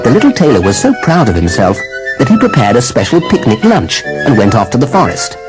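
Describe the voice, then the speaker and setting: Animated male narrator for a children's storybook, with music underneath. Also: mid-range voice, brisk, poor audio.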